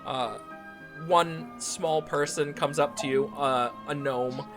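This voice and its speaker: A man's voice: a little high, fairly even intonation, takes it slowly, music in the background. A man narrating as game master of a tabletop game, rambling with frequent restarts and laughs.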